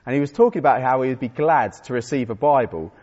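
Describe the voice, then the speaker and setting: A man's voice: mid-range voice, expressive, quick pace, a little mellow. A man preaching a conversational sermon with self-deprecating humor and frequent restarts. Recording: dull sound in a reverberant hall.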